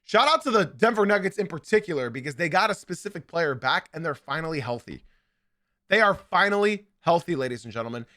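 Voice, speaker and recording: Young guy doing a sports pod, high bright voice, super animated, keeps repeating himself for emphasis. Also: fairly quick. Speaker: podcast host. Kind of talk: sports podcast commentary.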